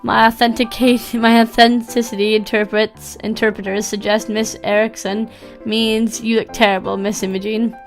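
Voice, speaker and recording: A woman's voice: a little high, little pitch movement, normal speed, soft background music, lightly acted. Woman doing a stiff, formal robot butler. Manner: stiff formal diction, stumbles over words when reading. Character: polite formal male robot butler, ex-killer machine. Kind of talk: reading a visual novel aloud.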